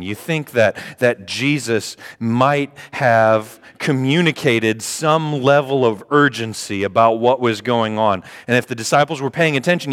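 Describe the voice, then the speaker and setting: A man preaching a sermon, retelling scripture with playful mock dialogue and animated asides. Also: medium pitch, in a large hall. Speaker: pastor.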